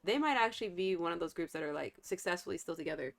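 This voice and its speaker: A woman's voice: fairly low pitch, animated, fast talker, creaky. A woman streaming a game, chatting casually and thinking aloud, often restarting her sentences. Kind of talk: casual gameplay commentary.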